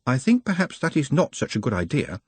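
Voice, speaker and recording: Brief: man reading earnest male goblin scholar, formal and careful, husky, dry close recording. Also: medium pitch, huge pitch swings, a little fast, darkish tone, no echo, pitched above the performer's own voice. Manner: precise, formal, hesitant phrasing.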